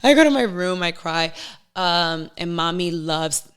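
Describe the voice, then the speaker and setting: A young woman guest in a casual podcast chat, telling candid, emotional stories in an animated way. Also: fairly low pitch, unhurried, clear, resonant tone.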